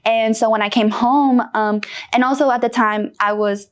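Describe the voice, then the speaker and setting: Woman guest, late 20s, from North Carolina; candid, animated storyteller, fillers throughout. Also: on the high side, moderate pace, clean tone. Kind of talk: candid personal interview.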